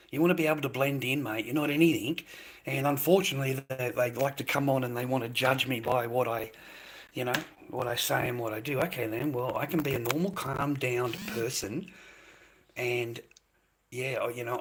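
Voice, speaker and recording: An older man chats to his livestream audience, rambling and circling back on his own words. His voice is husky, and he drifts between loud bursts and low mutters. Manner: rambling, repeats himself, calls viewers mate and boys.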